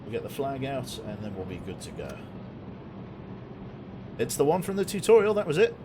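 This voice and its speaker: A man's voice: medium pitch, wildly swooping pitch, moderate pace, background noise. A man giving casual, jokey commentary while streaming a game, chatting with viewers and swearing now and then.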